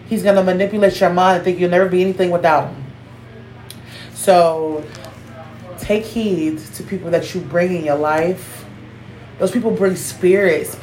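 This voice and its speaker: A woman in her thirties hosting a podcast, giving an emphatic, heartfelt unscripted talk that calls out to her listeners and at times nears tears. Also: medium pitch. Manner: emphatic, preachy, calling out to listeners; speaks slowly, near tears at times. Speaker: podcast host. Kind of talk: heartfelt spontaneous monologue. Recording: echoey room, faint background noise.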